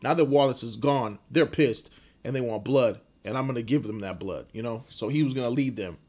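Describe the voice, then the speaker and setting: A man's voice: medium pitch, fairly quick, mellow. A man giving a casual, emphatic movie review, informal and often restarting his words.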